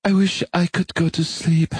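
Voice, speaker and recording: A man's voice: fairly high pitch, flat delivery, normal speed, slightly rough, no room sound, clean studio sound, voice pushed up. A man voicing a tired, sleepy young woman in an audiobook, speaking plaintively.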